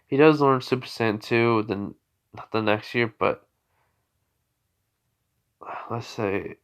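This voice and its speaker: A sleepy man talks through a story off the cuff, in a voice of ordinary middle pitch. He keeps stopping to correct himself, filling the gaps with um and like. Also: takes it slowly, clear, resonant tone. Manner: rambling, self-correcting, many fillers. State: tired, yawning. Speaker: fan storyteller. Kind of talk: unscripted casual storytelling.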